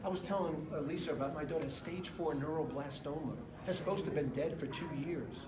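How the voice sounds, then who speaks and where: A man's voice: a little high, quick pace, crowd noise. A middle-aged American man giving an off-the-cuff campaign speech to a room full of people, rambling and emphatic as he jumps between anecdotes and figures. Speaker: political candidate. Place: indoor room with an audience. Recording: echoey room.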